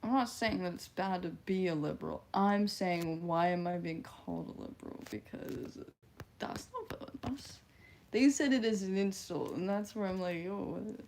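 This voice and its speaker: A woman's voice: fairly low pitch, moderate pace, gravelly, darkish tone. A woman in her twenties, chatting casually on a livestream as she reads and answers chat, laughing often. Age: 20s. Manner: giggly, chatty, reacts to chat messages. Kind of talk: casual live-stream chat.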